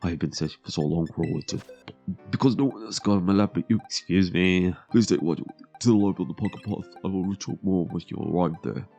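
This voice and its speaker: A man voicing a middle-aged male scientist in a video game, speaking in a hurried, earnest way. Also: low-pitched, vocal fry, dark tone, soft background music. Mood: urgent.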